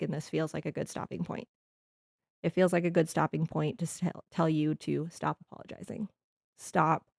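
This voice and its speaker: A woman's voice: low-pitched, vocal fry, a little mellow, dry recording, clean studio sound. A woman from the Midwest hosting a podcast, talking earnestly in a rambling reflective monologue with restarts. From American Midwest. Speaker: podcast host.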